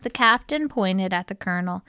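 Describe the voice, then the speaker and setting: A woman reading a children's storybook aloud with lively, playful, expressive narration. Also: medium pitch, normal speed, clear, resonant tone, no echo. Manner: lively, playful pun-filled delivery. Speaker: storybook reader.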